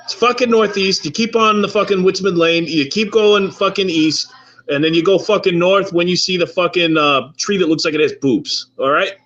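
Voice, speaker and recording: A man's voice: sits high, moderate pace, a bit bright. A man voicing a surly middle-aged man who runs a rendering plant, ranting and swearing with exasperation, on a dull lo-fi recording. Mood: grudging.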